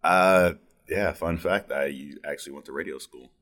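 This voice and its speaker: A man with a deep radio voice, a business owner answering questions in a relaxed, polite way. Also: moderate pace. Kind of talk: casual interview.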